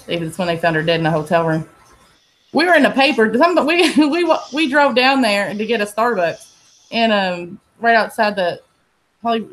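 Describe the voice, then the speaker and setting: A woman's voice: mid-range voice, fairly bright tone. A woman, telling stories in a casual, profane chat and laughing often. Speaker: host.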